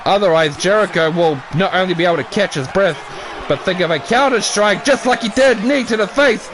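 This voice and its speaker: Excitable man calling wrestling game action. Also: high-pitched, fairly quick, crowd noise, noisy background. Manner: excitable, shouts big moves, casual and swears. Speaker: YouTube gaming commentator. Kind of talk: play-by-play wrestling game commentary.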